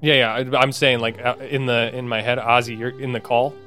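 A man playing a tabletop role-playing game, asking quick questions to check details. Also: medium pitch, flat delivery, pushed and bright, soft background music. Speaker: player. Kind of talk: casual tabletop play.

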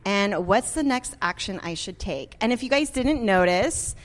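A woman's voice: medium pitch, lively intonation, moderate pace, long reverb tail. A woman co-hosting a podcast before a live audience, with a playful, teasing way of talking. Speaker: podcast co-host.

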